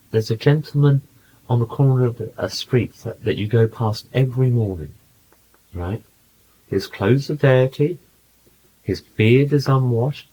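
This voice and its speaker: A man in a channeling session, speaking in a calm, patient, coaching way and telling anecdotes to a small group. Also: mid-range voice, breathy edge, low-quality recording. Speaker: channeler giving spiritual counsel. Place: small room with a group present.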